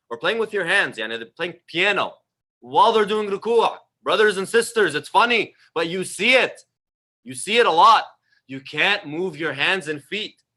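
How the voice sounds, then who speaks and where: Speaking in a high-pitched, bright and forceful voice, a young religious teacher gives an informal talk on prayer. He is emphatic yet conversational, with plenty of repeated phrases.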